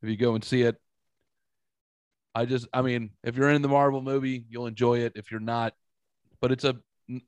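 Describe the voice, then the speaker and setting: This is a man with a mid-pitched voice, chatting on a casual podcast and telling stories with lively, animated energy. He swears freely. The recording is dry and close, with no room echo. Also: normal speed, pauses often, smooth, dull audio. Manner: animated storytelling, swears a lot. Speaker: podcast host.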